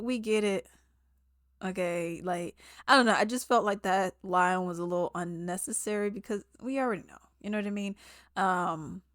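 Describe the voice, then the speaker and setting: A woman giving a casual spoken movie review, animated and quick to mimic people in quotes, laughing often. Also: medium pitch, no room sound, clean studio sound.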